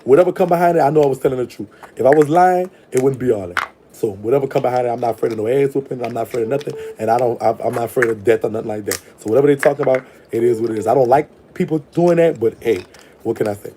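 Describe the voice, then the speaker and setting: A man's voice: mid-range voice, racing, noisy background. A man hosting a live call-in show, rambling and blunt, affectionate with callers. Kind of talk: casual live call-in chat.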